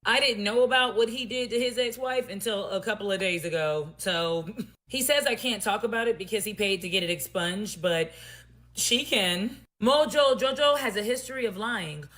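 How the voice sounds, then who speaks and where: A woman's voice: medium pitch, normal speed, a bit bright. A woman vlogger telling a storytime monologue to her viewers, emphatic and sassy, with pointed asides.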